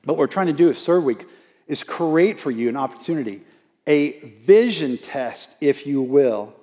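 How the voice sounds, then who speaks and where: Animated and dark in tone, a fairly high-pitched middle-aged man preaches at a moderate pace as pastor in a church sanctuary. He keeps it emphatic and conversational with plenty of rhetorical questions, and the recording has the long reverb of a large hall.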